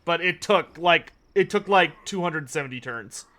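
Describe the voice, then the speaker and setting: Speaking at a normal speed in a slightly high, sharp-toned voice, a man gives casual commentary on his strategy game stream. He chats, thinks aloud, and replies to viewers' questions.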